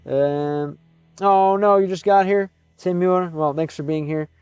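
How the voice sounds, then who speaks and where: A man, a native English speaker, live-streaming in a casual chat, sounding out Russian words slowly and thinking aloud as he thanks viewers. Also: high-pitched, a little mellow, smooth, dry recording, muffled recording, soft background music.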